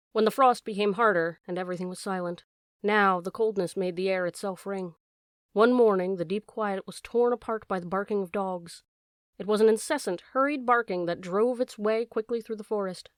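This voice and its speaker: A woman's voice: medium pitch, no echo. Woman reading a storybook aloud, dry sound. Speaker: audiobook narrator. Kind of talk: scripted narration.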